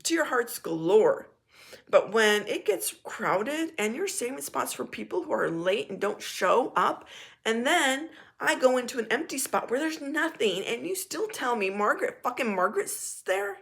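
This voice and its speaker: A woman vlogger telling a casual story in a frank, animated and blunt way, now and then swearing. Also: a little high, moderate pace, creaky.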